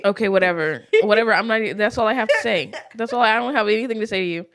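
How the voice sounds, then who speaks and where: A woman with a bright, high voice chats casually as a podcast co-host. She gushes and repeats her exclamations, caught up in strong feeling. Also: rapid-fire. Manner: gushing, emotional, repeats herself. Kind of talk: casual chat.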